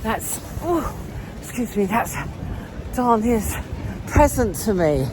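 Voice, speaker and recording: An older woman in her sixties records a chatty vlog on a city street, her voice rising and falling a lot as she goes. She speaks slowly and gets a little breathless while walking. Traffic and street noise are clearly heard behind her. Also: fairly high pitch, sing-song, crowd noise. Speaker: vlogger. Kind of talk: casual vlog to camera. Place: busy street outdoors in the city.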